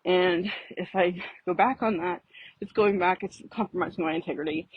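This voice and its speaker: A woman with a husky, slightly breathy voice, winded from walking uphill. She rambles and restarts with frequent laughs, recorded dry and close on a phone outdoors. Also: lowish voice, normal speed, no room sound, narrow, tinny audio. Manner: rambling, self-interrupting, laughing often. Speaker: vlogger. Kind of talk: casual reflective talk while walking. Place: outdoors on a street.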